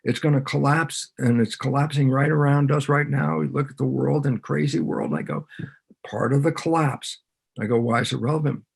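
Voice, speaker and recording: A man's voice: medium pitch, a little fast, gravelly, slightly rough. A man, a biologist guest on a podcast, explaining ideas in conversation and animatedly acting out both sides of imagined dialogues.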